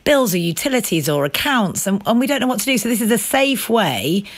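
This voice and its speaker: Brisk, lively woman radio presenter. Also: medium pitch, no room sound. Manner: brisk, friendly, tag questions. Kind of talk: radio interview.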